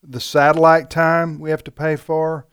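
A man's voice: a little high, a little slow, smooth. Chatty radio host man. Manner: relaxed, chatty, frequent fillers and restarts. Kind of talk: casual radio fundraiser chat.

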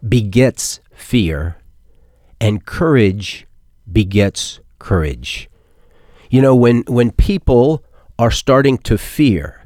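A man hosting a Bible teaching program, preaching a sermon with emphasis and slowing down on key words. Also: mid-range voice, a little mellow, no room sound, studio quality. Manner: emphatic, stretches key words, quotes scripture with rising force.

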